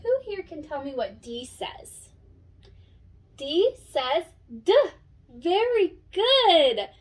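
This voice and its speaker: Slow sing-song female phonics teacher. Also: extremely high pitch, big pitch swings. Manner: slow, sing-song classroom praise and sounding out. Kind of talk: microteach phonics lesson to an imagined class.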